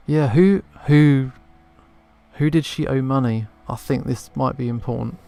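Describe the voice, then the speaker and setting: A man's voice: medium pitch, unhurried, gravelly, warm tone. A man giving casual let's play commentary, thinking aloud with hesitant restarts. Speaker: gamer.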